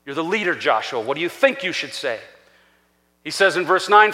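A man pastor preaching a sermon in a church, animated and acting out scripture voices. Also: on the high side, normal speed. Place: church sanctuary. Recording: long church-hall reverb.

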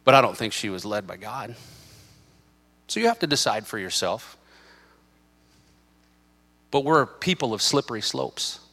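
Male pastor, emphatic impassioned sermon, bright and forceful tone, middle pitch. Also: big pitch swings, normal speed, pauses often. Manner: impassioned, emphatic preaching with repetition. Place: church sanctuary.

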